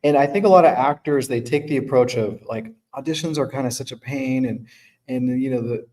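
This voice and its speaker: A man's voice: medium pitch, fairly quick, darkish tone, rough recording. A man hosting a podcast in casual conversation, working through his points aloud and checking in with his guest. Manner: thinking aloud with restarts and "right?" checks. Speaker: podcast host and management firm owner.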